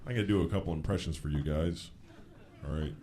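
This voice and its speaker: A man doing a stand-up comedy set, telling stories in a dry, deadpan way that breaks into high shouted bits. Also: fast, a crowd in the background. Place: live on stage before a laughing crowd. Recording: live show with audience laughter.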